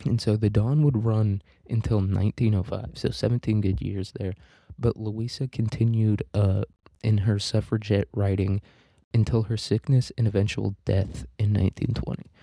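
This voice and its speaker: A man's voice: lowish voice, fairly even intonation, normal speed, gravelly, warm tone, no echo. Young guy hosting a history podcast, profane and jokey, dry close recording. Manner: loose, profane and joking, with fillers and asides. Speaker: podcast host. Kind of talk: casual history podcast talk.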